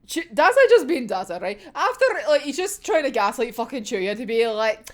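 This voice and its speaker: A woman's voice: a little high, very animated, moderate pace, few pauses. A young woman in casual, sweary reaction chat, giggling often as she talks. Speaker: manga reaction vlogger.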